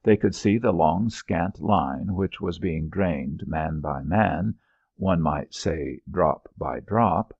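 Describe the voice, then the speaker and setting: A man narrating an audiobook in a measured, expressive storytelling manner. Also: low voice, gravelly, husky, no room sound, phone-quality sound.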